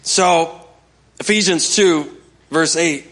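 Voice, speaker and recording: A man's voice: on the high side, slow pace, a bit bright. A male pastor giving a sermon in a conversational way, coaxing the congregation to respond.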